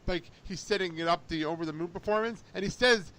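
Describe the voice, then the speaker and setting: A young man hosting a casual podcast chat, excitable and quick to laugh as he tells stories. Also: high voice. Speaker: podcast host.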